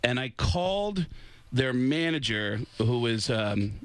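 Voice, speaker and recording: A man's voice: mid-range voice, lively intonation, takes it slowly, clear, resonant tone, no room sound. A man nearing fifty, a comedian guest on a radio show, telling long rambling stories with lots of ums and uhs. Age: 40s. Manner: rambling anecdotal delivery with many fillers. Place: radio studio.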